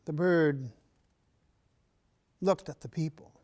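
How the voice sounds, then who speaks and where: Man telling a folk tale slowly. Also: on the high side. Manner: measured, with long dramatic pauses, often dropping soft. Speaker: storyteller. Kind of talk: oral storytelling performance. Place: arts center performance space, indoors.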